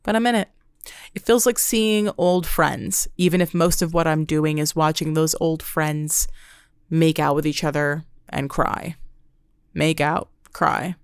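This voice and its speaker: A young woman hosting a podcast, recapping reality TV in an animated, profane rant, often slipping into quick imitations of the people she describes. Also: deep voice, clear, resonant tone, dry recording, studio quality. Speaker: podcast host. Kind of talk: casual reality-TV recap monologue.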